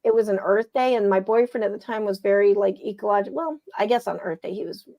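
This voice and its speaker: A woman in her forties, a poet co-hosting a casual chat, talking in an animated, playful way. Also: mid-range voice, fast talker. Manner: animated, playful, acts out voices. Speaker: poet and co-host. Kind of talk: casual chat and poetry reading.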